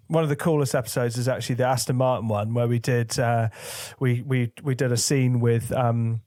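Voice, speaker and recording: A man's voice: medium pitch, darkish tone, dry recording, studio quality. A man chatting as a podcast guest, candid and crude, often laughing. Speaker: guest, video director and producer. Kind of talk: casual podcast chat.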